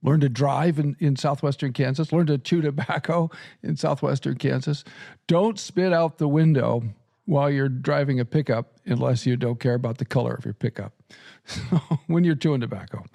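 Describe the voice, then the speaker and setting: Creaky-voiced chuckling man hosting a podcast. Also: mid-range voice, moderate pace, mellow. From Nebraska, USA. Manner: chatty, chuckles often, frequent restarts. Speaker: podcast host and seminary professor. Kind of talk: casual podcast chat.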